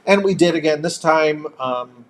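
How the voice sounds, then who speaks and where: A man's voice: fairly high pitch, normal speed. A man co-hosting a casual live-stream chat, talking at length and reading out viewer comments with thanks.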